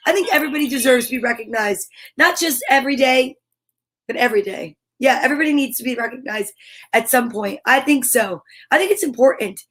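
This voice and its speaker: Bubbly high-voiced woman hosting kids' livestream. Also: fairly quick, fairly bright tone. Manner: bubbly, sing-song, reads viewer comments aloud. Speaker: livestream storytime host. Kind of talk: chatty livestream for kids.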